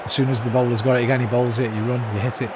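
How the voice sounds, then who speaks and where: A man's voice: medium pitch, little pitch movement, rapid-fire. A British man in his thirties, casually chatting and swearing freely as he streams a football game and rants at his team. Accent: British English. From Britain. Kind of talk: casual gaming commentary. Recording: noisy background.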